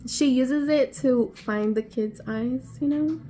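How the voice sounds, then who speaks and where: A woman vlogger unboxing on camera, excitable and gushing, gasping often and sometimes dropping to a breathy whisper. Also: sits high, slow, soft background music. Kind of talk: casual unboxing vlog.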